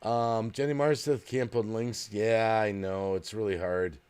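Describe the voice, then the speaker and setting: A man's voice: fairly low pitch, steady tone, measured pace, a little mellow, clean tone. A middle-aged man from Wisconsin chatting casually on a live stream, rambling and reading chat comments aloud. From Wisconsin, USA.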